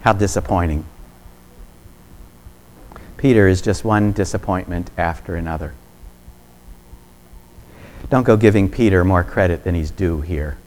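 Slow, low-voiced male preacher. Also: darkish tone. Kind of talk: sermon.

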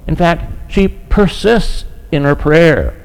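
A man's voice: on the high side, sing-song, takes it slowly, clear, resonant tone, rough recording. Earnest male preacher. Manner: earnest, asks the listeners rhetorical questions. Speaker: pastor. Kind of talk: sermon.

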